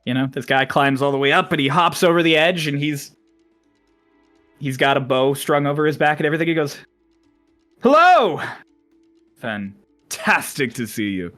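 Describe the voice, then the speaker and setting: A man's voice: a little high, normal speed, a bit bright, faint music behind, natural voice. A man voicing a cheerful, courteous young male envoy who greets people eagerly.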